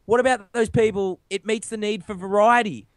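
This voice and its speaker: An Australian man co-hosting a podcast, laid-back and jokey with slang and swearing, his voice a little rough from being sick. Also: sits high, fairly even intonation, a little fast, no echo. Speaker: podcast co-host. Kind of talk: casual podcast chat.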